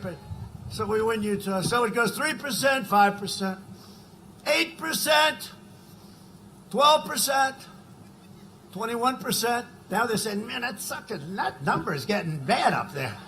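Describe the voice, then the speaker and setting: A man in his seventies giving a rambling campaign rally speech from a podium mic, full of conversational asides and sudden shouted lines. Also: sits high, background noise. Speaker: political rally speaker. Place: political rally.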